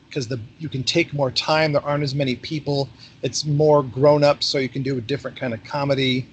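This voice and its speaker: Husky-voiced middle-aged man telling stories. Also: fairly high pitch. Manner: animated, acts out quoted dialogue. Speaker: podcast guest, former theme park ride skipper. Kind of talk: casual storytelling interview.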